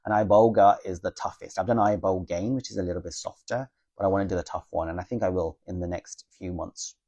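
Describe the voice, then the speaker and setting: A man answers viewers' questions in a live chat, speaking bluntly and matter-of-factly with an occasional teasing edge. His voice sits fairly low and carries a gravelly, creaky texture. The tone is dark and mellow rather than bright. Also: fairly even intonation, fast talker.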